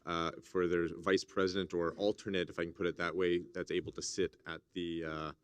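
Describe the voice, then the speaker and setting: Low-voiced man chairing a meeting. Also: level tone, smooth. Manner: measured, hesitant with many fillers. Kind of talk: chairing a formal assembly.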